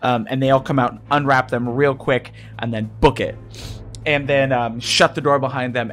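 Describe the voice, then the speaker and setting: A man's voice: medium pitch, steady tone, moderate pace, fairly bright tone. A man narrating a tabletop game as dungeon master, chatty and loose, with plenty of fillers. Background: faint music.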